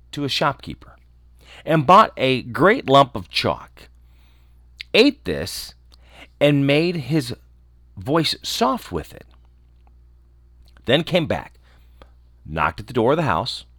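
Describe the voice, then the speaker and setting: A man reading a fairy tale aloud as a storybook host, deliberate and expressive. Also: medium pitch, no room sound, clean studio sound.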